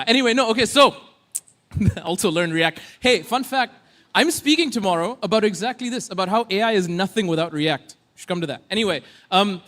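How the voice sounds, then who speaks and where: A man's voice: sits high, lively intonation, fairly quick, fairly bright tone. A man hosting a tech conference on stage, joking and chatting playfully with the crowd. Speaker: conference emcee. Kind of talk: casual stage banter.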